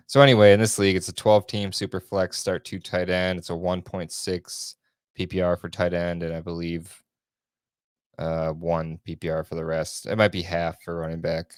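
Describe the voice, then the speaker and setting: A young man with a very low, smooth voice, chatting loosely through his solo podcast. He rambles and corrects himself as he goes. The sound is dry and close, with almost no room echo. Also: little pitch movement, normal speed. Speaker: podcast host. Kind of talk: casual solo podcast chat.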